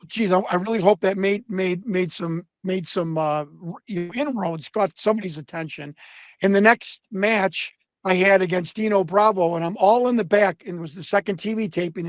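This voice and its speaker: A middle-aged man telling a profane, animated backstage story in casual conversation. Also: high voice, no echo. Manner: profane, animated anecdotes with quoted voices. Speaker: guest storyteller.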